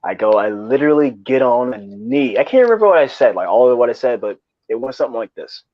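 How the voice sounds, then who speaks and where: A man's voice: medium pitch, wildly swooping pitch, fast, vocal fry, dry recording. A young man casually telling a rambling, profane story in slangy talk. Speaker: podcast co-host. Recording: dull lo-fi dry sound.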